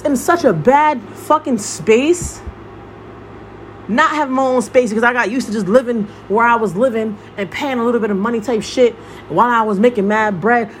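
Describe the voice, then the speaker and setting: A young woman and podcast host telling a personal story in a blunt, profane, animated monologue. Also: fairly high pitch, a little hiss or hum. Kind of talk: casual monologue.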